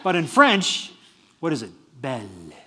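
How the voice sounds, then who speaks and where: A middle-aged man giving a humorous university lecture, animated and laughing at his own jokes. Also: fairly high pitch, moderate pace, background noise. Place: lecture hall.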